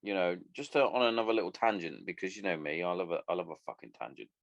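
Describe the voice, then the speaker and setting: Bloke in his 30s rambling on his solo podcast, swears a lot, lowish voice, dry close sound. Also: expressive, fast, vocal fry, no echo, highs cut off. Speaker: podcast host.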